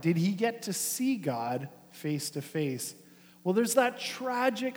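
A man with a high voice preaches a sermon, talking to his congregation in a lively, conversational way. He slows and quiets down to press key points home. His voice rings with the long reverb of a church sanctuary. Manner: animated preaching with a conversational tone, dropping soft and slow for emphasis. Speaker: pastor.

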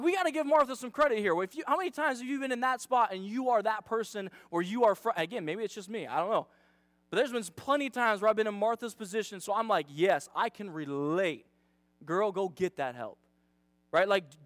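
Male youth pastor, casual sermon, high voice, dry close sound. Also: no room sound. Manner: chatty, dramatizing, self-deprecating.

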